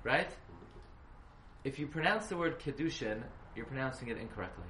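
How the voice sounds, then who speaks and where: A man's voice: medium pitch, sing-song, fairly quick, sharp tone. A man giving a halacha class, questioning his students and spelling words out letter by letter. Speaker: Torah teacher. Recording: echoey room, faint hiss.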